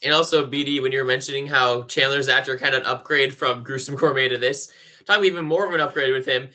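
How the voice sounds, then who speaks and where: A man giving a casual podcast review in a relaxed, easygoing way, using "like" often. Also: medium pitch, fast talker. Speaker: podcast co-host.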